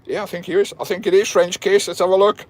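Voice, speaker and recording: Jokey host with a high voice, bantering with live viewers and laughing. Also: male voice, level tone, fast talker. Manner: jokey, cheeky, swears freely, laughs a lot. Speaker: vanlife channel host. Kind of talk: live-stream chat playing a picture puzzle with viewers.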